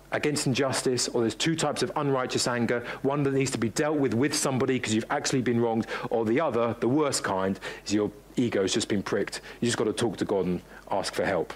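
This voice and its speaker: A man preaching a sermon in a conversational way, often restarting and acting out short quotes. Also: medium pitch. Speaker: pastor.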